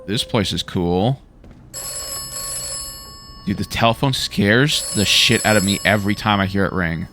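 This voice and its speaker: A man casually commenting while he plays a game, excitable and quick to swear and react. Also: on the low side, faint music behind. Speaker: gaming YouTuber. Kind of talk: casual let's-play commentary.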